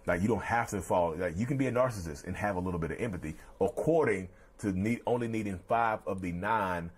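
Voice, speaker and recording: Husky man explaining a video topic. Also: low-pitched, brisk. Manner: explaining, repeats and restarts words. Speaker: presenter of a mental health video.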